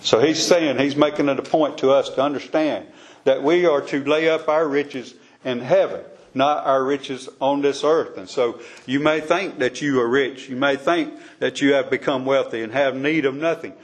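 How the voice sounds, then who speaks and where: Man, mid-pitched, plain folksy Bible-study teacher, talks loosely and repeats himself. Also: fairly even intonation, normal speed.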